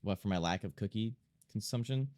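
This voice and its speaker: A man's voice: lowish voice, a little fast, a little mellow, no echo, studio quality. A young man streaming from home, chatting casually and self-mockingly to himself and his chat while he draws.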